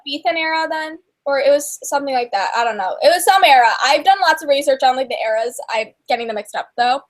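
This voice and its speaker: A woman's voice: high-pitched, fast talker. A teenage girl co-hosting a casual livestream chat, gushing and giggly, full of fillers. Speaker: co-host.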